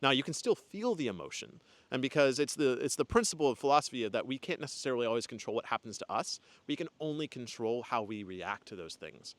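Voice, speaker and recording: A man's voice: mid-range voice, big pitch swings, quick pace, hardly any pauses, fairly bright tone, dry recording. A young man talking casually and earnestly to camera, rambling with fillers and restarts as he reflects on his year. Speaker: spiritual content creator. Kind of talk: casual reflective vlog talk.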